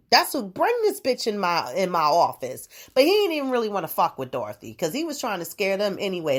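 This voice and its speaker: A young adult woman hosting her own podcast, chatting casually in a rambling, profane way with frequent laughs. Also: on the low side. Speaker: podcast host. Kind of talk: casual solo podcast chat.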